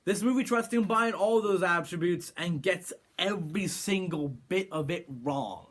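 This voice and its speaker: A man's voice: high voice, moderate pace. A man from California giving an opinionated movie review rant, sarcastic and rambling with frequent restarts. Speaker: film reviewer.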